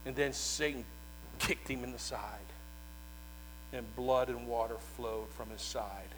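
A male preacher delivering a sermon as dramatic storytelling, moving between hushed, slow passages and shouted proclamations. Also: mid-range voice, fairly even intonation, slight background noise, poor audio.

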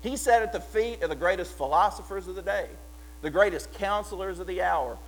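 A pastor preaching a sermon, swinging between fervent loud passages and hushed earnest ones. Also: male voice, sits high, brisk, soft background music, low-quality recording.

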